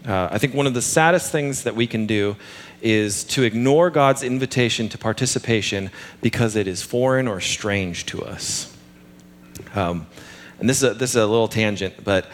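Conversational man preaching a sermon. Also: on the low side. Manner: conversational, humorous, lively emphasis.

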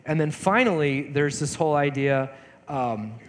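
A man's voice: a little high, expressive, moderate pace, a little hiss or hum. A man giving a casual, conversational sermon, retelling scripture in a chatty way and slipping into voices for the characters. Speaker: pastor. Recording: hall reverb.

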